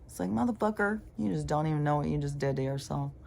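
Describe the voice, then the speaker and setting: A woman talking in a rambling, casual monologue, full of fillers and restarts and quick to swear. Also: sits low, gravelly, dark tone, slight background noise. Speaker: spiritual vlogger.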